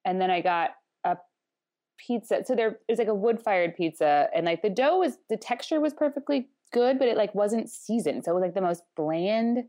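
A woman's voice: mid-range voice, animated, moderate pace, mellow. A woman co-hosting a podcast, telling rambling stories in a dry, wry casual chat. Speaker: podcast co-host.

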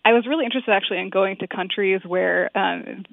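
A woman author, giving a thoughtful interview answer and filling pauses with "um" and "like". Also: mid-range voice, gravelly, no echo. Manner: thoughtful, many fillers like "um" and "like". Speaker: author and guest. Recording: tinny phone-line sound.

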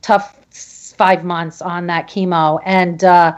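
Woman guest, halting storyteller, muffled lo-fi remote line. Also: lowish voice, level tone. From Connecticut. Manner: halting, many restarts and fillers. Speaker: podcast guest. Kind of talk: emotional personal story.

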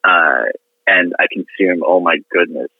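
A man calling in as a podcast guest, telling stories in an animated, emotional way with many restarts. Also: low voice, unhurried, dry recording. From Florida. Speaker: guest business owner. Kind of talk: casual storytelling on a podcast. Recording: phone-line call-in.

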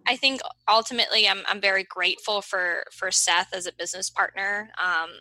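A woman in her thirties talking as an interview guest in a friendly, relaxed way, with frequent ums and easy laughter. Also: mid-range voice, brisk, dry recording, rough recording. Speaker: podcast guest, marketing agency co-founder. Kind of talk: casual interview conversation.

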